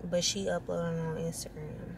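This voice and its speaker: A woman's voice: fairly low pitch, little pitch movement, normal speed. A young woman vlogging casually from her car, rambling in a chatty, slangy way and laughing often. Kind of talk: casual vlog chat. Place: in a car, driving and parked outside. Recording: traffic and car noise behind.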